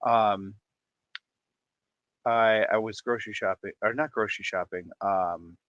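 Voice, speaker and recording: Slow-talking jokey man, dry muffled sound. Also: lowish voice, a bit bright, no echo. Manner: showman hype, playful and jokey, laughs often. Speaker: aquarium channel host. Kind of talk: casual chat to camera.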